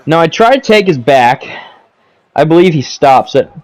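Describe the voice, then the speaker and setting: Animated ranting man commenting on gameplay. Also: moderate pace, rough recording. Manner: animated, ranting, repeats himself, says boom a lot. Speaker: gaming commentator. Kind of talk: casual commentary over gameplay footage. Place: home gaming setup, seated.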